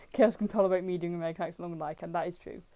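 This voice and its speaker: British woman streamer at home; mellow tone, chatty and digressive, quips back at chat. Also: lowish voice, low-quality recording. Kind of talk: casual livestream chat reviewing old books. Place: at home with her dog.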